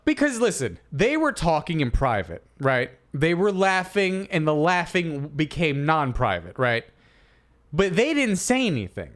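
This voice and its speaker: A man co-hosting a comedy podcast, reading a listener's post aloud and then arguing his side in a playful, animated way. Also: fairly high pitch, unhurried. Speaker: podcast co-host.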